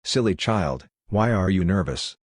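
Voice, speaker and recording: A man's voice: low voice, animated, unhurried, husky, dry recording, clean studio sound, heavily acted. A man voicing a fatherly emperor who reassures his daughter while hiding his nerves. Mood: reassuring. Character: fatherly emperor, secretly nervous.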